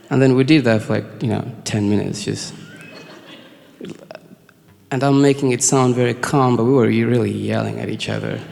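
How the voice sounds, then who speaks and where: A man's voice: fairly low pitch, steady tone, normal speed, vocal fry, darkish tone. A nervous man from Kenya telling a story on stage at a concert venue, hesitant, with many fillers and chuckles. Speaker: singer-songwriter performing live. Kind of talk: storytelling between songs on stage. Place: concert venue before an audience. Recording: long reverb of a live venue.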